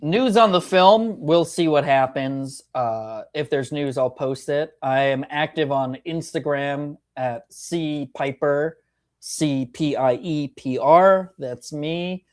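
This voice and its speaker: Filmmaker guy from new jersey, bit high voice, dry jokey chat on a podcast. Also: takes it slowly. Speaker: guest filmmaker. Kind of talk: casual chat.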